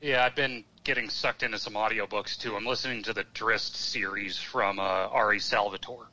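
A man phones in to a chat show and rambles on at an easy pace, full of ums and uhs. His voice sits a little low but sounds very bright and forward. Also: moderate pace, low-quality recording. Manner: relaxed, rambling with fillers. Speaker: caller. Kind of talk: casual chat.

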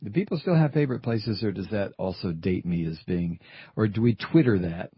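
A man's voice: fairly low pitch, animated, a little fast, breathy edge, no room sound, highs cut off. A middle-aged man hosting a radio talk show, rambling and wry, digressing between topics. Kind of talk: casual talk radio chat. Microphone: studio microphone.

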